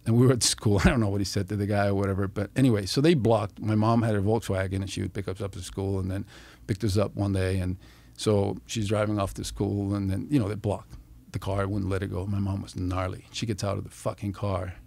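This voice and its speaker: A middle-aged man telling stories as a podcast guest, animated and swearing freely as he acts out what people said. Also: lowish voice, fairly quick, vocal fry. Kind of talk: casual storytelling.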